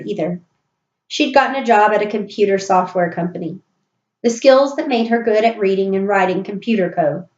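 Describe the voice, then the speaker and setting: A woman's voice: mid-range voice, darkish tone. Woman reading a storybook aloud. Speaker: audiobook reader. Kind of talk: storybook narration. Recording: roomy, dull recording.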